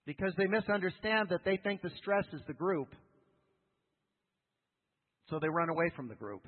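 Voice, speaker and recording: A man preaching a sermon as a pastor, animated, often asking his listeners questions. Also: high-pitched, normal speed. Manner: animated, asks the congregation questions. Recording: phone-like sound with long hall reverb.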